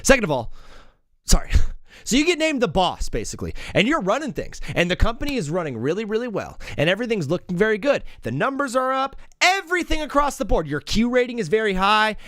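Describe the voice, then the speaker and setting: A man hosting a live sports comedy call-in stream, bantering with callers in an energetic, joking, rambling way. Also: sits high, fast talker, no room sound, studio quality.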